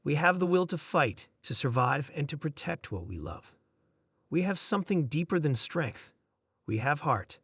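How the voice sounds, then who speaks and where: A man reading a calm, determined young girl. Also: a little high, normal speed, breathy edge, no room sound, clean studio sound, exaggerated voice. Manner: soft, calm and firm.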